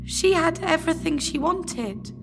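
A weary, sarcastic base boss. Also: female voice, very high voice, expressive, measured pace, vocal fry, over music, exaggerated voice. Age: 20s. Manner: exasperated, sarcastic. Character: weary young woman boss of a Mars base.

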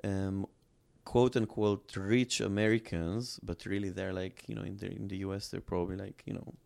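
A man's voice: low voice, flat delivery, creaky, a little mellow. A man from Israel, a film director, talking earnestly about his work in an interview, often restarting his sentences. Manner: earnest, halting with many restarts. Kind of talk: interview conversation.

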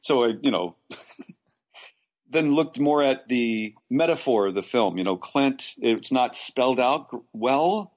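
A man's voice: mid-range voice, takes it slowly. Rambling man telling showbiz stories, lo-fi. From Los Angeles. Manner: rambling, frequent restarts and animated asides. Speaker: actor guest. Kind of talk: casual interview anecdotes.

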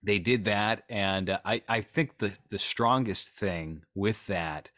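Man, very low pitch, podcast co-host, casual film chat, joking, dry close sound. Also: takes it slowly, a bit bright, no echo. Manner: rambling, joking, self-deprecating.

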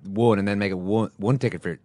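An Irish man hosting a podcast, briskly keeping the show moving and bringing in guests. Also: lowish voice, steady tone, darkish tone, no echo. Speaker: podcast host. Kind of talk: casual chat, introducing guests.

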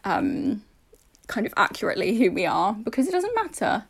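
A young woman co-hosting a podcast, talking in an easy, chatty way. Her softened northeast London accent comes through as she tells lively stories and mimics the people in them. Her voice sits at a middling pitch. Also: moderate pace, slightly rough. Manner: chatty, animated storyteller who mimics others. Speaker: podcast co-host. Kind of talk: casual chat.

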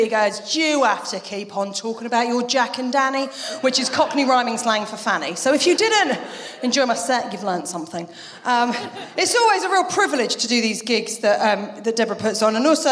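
A woman performing a live stand-up comedy set on a theatre stage, telling stories with lively voices for the people she quotes. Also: a little high, a little fast, few pauses. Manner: animated storytelling with lively voices for quoted family.

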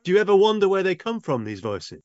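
A man's voice: sits high, very animated, fast talker, muffled recording. A man hosting a literary podcast, asking inquisitive and lightly teasing questions. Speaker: podcast host and interviewer. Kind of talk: podcast interview.

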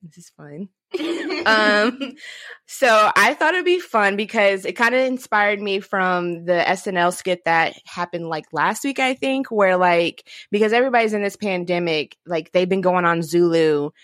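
A woman's voice: medium pitch, measured pace, a bit bright, dry recording, clean studio sound. A woman in her thirties hosting a podcast in casual chat, loose and chatty, often laughing. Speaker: podcast host.

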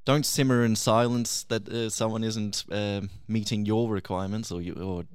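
A man's voice: fairly low pitch, steady tone, moderate pace, smooth, dry recording, studio quality. A man speaking as a podcast guest, earnest and hesitant, with many fillers. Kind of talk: casual podcast chat.

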